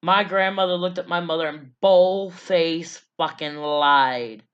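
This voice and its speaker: A woman's voice: lowish voice, a little slow, few pauses, clean tone, highs cut off. Blunt, foul-mouthed woman telling her story. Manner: blunt and profane, loose with frequent fillers. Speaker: vlogger. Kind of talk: casual storytelling.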